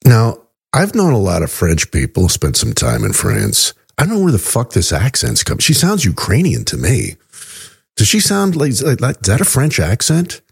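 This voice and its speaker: A man's voice: medium pitch, huge pitch swings, normal speed, vocal fry, husky. A man co-hosting a casual podcast, making crude, mocking comments about a clip, swearing freely and stammering when he gets going. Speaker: podcast co-host.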